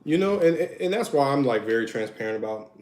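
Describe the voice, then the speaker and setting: A man's voice: medium pitch, animated, a little fast, a little mellow, roomy sound. A man co-hosting a podcast in casual chat, talking candidly with many restarts and "you know"s. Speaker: podcast co-host.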